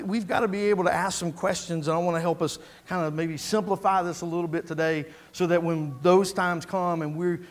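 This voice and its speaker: High-pitched guy preaching, chatty, keeps restarting words and asking the crowd questions. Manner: conversational, repeats and restarts words, rhetorical questions to the congregation. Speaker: pastor. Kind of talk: sermon.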